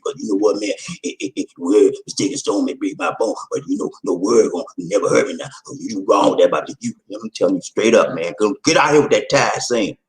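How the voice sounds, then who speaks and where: A man voicing a blunt streetwise guy who scolds a friend in a much lower voice. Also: brisk, hardly any pauses, lightly acted, poor audio. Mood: scolding. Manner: blunt, scolding, straight-talking.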